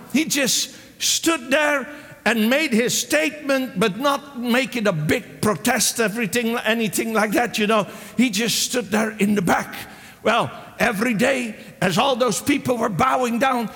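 A man preaching a sermon with passion, breaking into shouts and acting out the people in his story. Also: extremely high pitch. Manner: impassioned, exclaims and voices the characters. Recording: long hall reverb.

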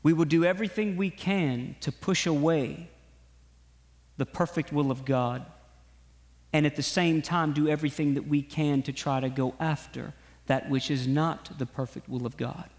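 A male preacher delivers an animated sermon in a high voice, mixing storytelling with urgent exhortation. A long reverb from a large hall hangs behind every line. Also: moderate pace. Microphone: broadcast to online viewers.

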